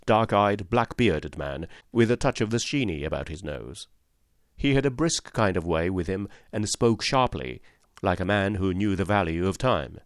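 A man reading a first-person story aloud in a measured, expressive storytelling manner. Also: fairly low pitch, no echo, clean studio sound. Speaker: audiobook narrator.

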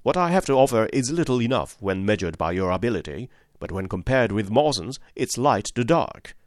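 A man voicing a brisk, sharp-spoken middle-aged financial agent who flatters and talks up a job offer in an audiobook. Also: lowish voice, dry recording, studio quality. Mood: flattering. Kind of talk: audiobook character voice.

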